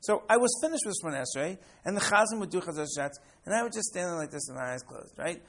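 An older man from the United States leads a class, telling stories with lots of energy and a slightly high voice. He often trips into repeated words and keeps checking in with his listeners. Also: fast talker. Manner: animated storyteller, repeats words, keeps asking "right?". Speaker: rabbi teaching a class. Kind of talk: classroom lesson with personal stories.

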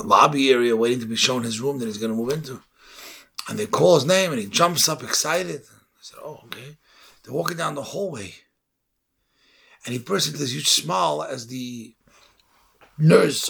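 Gravelly impassioned rabbi preaching. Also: male voice, medium pitch. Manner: impassioned, rising to shouts on key points. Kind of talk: sermon with storytelling.

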